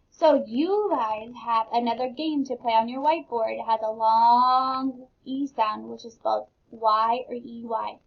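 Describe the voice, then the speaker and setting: A woman's voice: fairly high pitch, creaky, husky. A woman teaching a phonics lesson to young children, patient and encouraging, spelling words out letter by letter. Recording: dull lo-fi sound.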